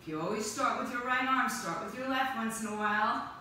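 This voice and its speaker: With a fairly high pitch and a sharp tone, a woman fitness instructor calls out counts to a live class and urges the group on. Her cues are brisk, her encouragement upbeat, and the audio comes from a faraway mic in a very echoey room with faint noise.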